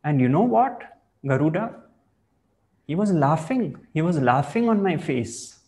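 A man's voice: a little high, big pitch swings, a little slow, a little mellow. A man voicing a shaken male tortoise in a spoken parable. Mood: frightened.

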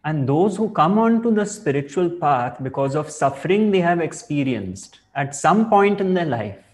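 A man giving a spiritual discourse as a teacher, in measured, reflective phrasing. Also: fairly high pitch, big pitch swings, a little mellow.

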